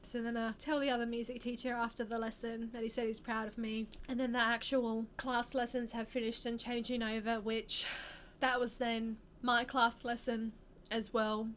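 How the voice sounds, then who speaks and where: A woman's voice: on the high side, level tone, normal speed, a bit bright, a little hiss or hum. An Australian woman in her twenties telling a personal story to camera, candid and rambling, often restarting her sentences. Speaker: vlogger.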